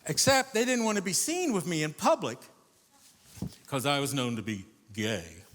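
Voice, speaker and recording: An older man performing a solo stage monologue, animated, going from loud emphasis to hushed asides. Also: on the high side, normal speed. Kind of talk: theatrical storytelling monologue. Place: theater stage before a live audience. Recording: echoey theater with long reverb.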